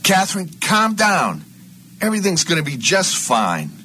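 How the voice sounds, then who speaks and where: A man's voice: lowish voice, big pitch swings, normal speed, sharp tone, slight background noise. A man voicing a helpful, obliging young man in an amateur audio drama. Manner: polite, obliging delivery.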